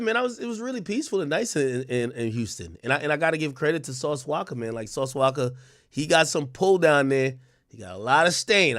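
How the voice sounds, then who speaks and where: A man's voice: mid-range voice, fairly bright tone, dry recording, studio quality. Profane Jamaican man telling stories. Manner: storytelling, profane, many restarts. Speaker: livestream host. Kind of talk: casual commentary.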